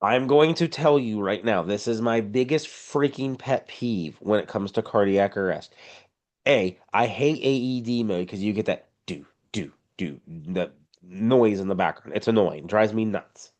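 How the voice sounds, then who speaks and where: Low-voiced man, blunt no-nonsense instructor, casual and emphatic, video call. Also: moderate pace, a little mellow. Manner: blunt, informal, emphatic teaching. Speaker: EMS instructor. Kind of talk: casual online class lecture.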